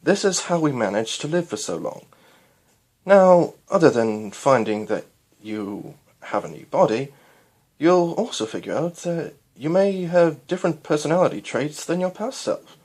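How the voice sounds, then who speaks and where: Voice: mid-range voice, lively intonation, measured pace, darkish tone, voice pushed up. A reader voicing an eccentric, upbeat time-traveling stallion in a storybook reading. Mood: explaining.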